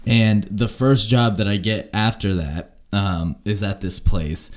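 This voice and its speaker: A man with a fairly low voice talks in an easygoing, slangy way, dropping in "dude" and the odd curse. He tells his own story loosely, like he is chatting with a friend. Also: steady tone, a little slow. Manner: laid-back, says "dude" often, swears casually. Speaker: podcast co-host. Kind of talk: casual chat.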